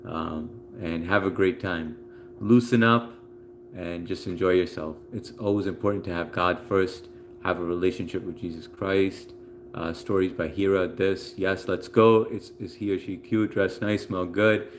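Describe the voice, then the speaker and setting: Low-voiced laid-back man live-streaming. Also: steady tone, measured pace, slight background noise. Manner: laid-back, chatty, hesitant with many fillers. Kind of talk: casual live stream chat, reading viewer comments.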